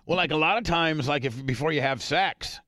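A man hosting a talk radio show, telling a crude story in a rambling, profane way and often clearing his throat. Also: on the high side, a little fast, pushed and bright, no echo, studio quality.

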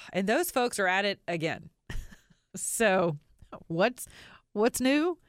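A woman hosting a podcast, giving a blunt, sarcastic commentary monologue and slowly stressing single words for emphasis. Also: medium pitch, very animated, dry recording, clean studio sound. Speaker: podcast host.

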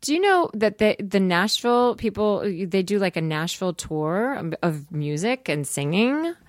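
A woman's voice: medium pitch, very animated, unhurried, no room sound, studio quality. A woman guest in casual podcast chat, laughing easily and self-mocking.

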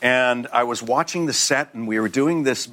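A man in his sixties, a guest actor on a talk show, telling anecdotes in a relaxed way. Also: mid-range voice, moderate pace. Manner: relaxed storyteller, acts out voices in anecdotes. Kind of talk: anecdotal interview chat. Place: TV studio with live audience.

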